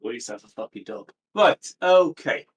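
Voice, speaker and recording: A man playing a tabletop game, polite and measured in how he asks things. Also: medium pitch, expressive, husky. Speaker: player. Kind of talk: tabletop role-play banter.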